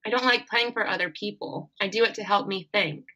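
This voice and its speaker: A woman reading aloud the lines of a shy, brilliant nineteen-year-old young man from her own fiction, quietly and with no accent. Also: mid-range voice, fairly quick, rough recording. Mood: guarded. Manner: reads quietly, without any accent.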